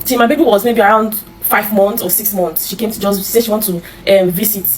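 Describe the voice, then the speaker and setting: A Nigerian woman telling her own life story in an interview, halting and repeating herself, with many restarts. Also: medium pitch, fairly even intonation, faint music behind, poor audio. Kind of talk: emotional personal storytelling.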